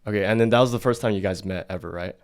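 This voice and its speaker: A man's voice: lowish voice, very fast, smooth. Blunt, skeptical male podcast host. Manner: blunt, skeptical, swears freely. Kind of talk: casual interview questioning.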